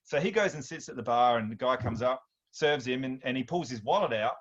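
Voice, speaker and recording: Australian man, thirties, chatty storyteller, mid-pitched voice, slightly dull lo-fi sound. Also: fairly quick. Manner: chatty, animated storyteller with many restarts. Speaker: workshop host. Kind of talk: casual storytelling talk.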